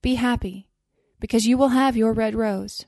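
A woman's voice: fairly high pitch, steady tone, moderate pace, mellow, dry recording, studio quality, natural voice. A woman voicing a small, devoted female nightingale in a storybook reading, earnest and pleading.

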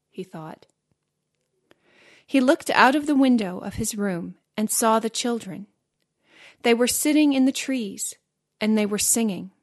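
Give me a woman reading a simple storybook slowly and clearly. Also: on the high side, darkish tone. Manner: slow, clear, careful reading. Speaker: narrator.

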